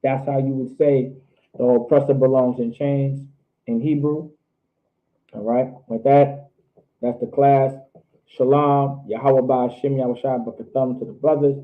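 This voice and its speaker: A man teaching a language class, repeating phrases slowly and drilling each word. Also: medium pitch, level tone. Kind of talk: online class lecture. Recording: tinny phone-like audio.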